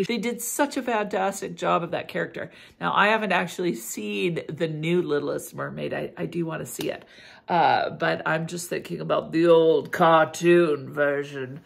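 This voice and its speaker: A middle-aged woman talks casually and animatedly, peppering her speech with fillers. Her voice sits low, with a husky, gravelly texture. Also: moderate pace. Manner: chatty and animated, full of "like" fillers. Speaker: beauty and fragrance vlogger. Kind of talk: casual chat.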